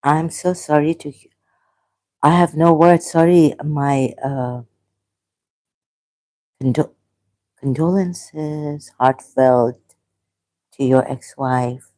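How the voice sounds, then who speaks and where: A woman from Pakistan hosting a livestream, reading viewer comments and reacting with halting speech, many fillers and restarts, and shocked exclamations. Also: low-pitched, fairly even intonation, warm tone. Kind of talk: casual livestream talk.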